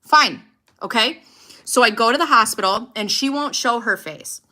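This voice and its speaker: A woman in her thirties, a podcast host, casually telling a personal story in a blunt, animated way and swearing freely. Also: a little high, normal speed. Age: 30s. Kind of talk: casual storytelling to a live audience.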